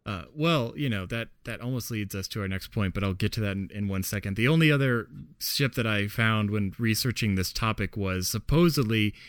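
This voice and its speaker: Laid-back, deep-voiced podcast host. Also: male voice, a little fast, few pauses, a bit bright, no echo, clean studio sound. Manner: chatty, laughs often, many fillers. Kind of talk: casual chat.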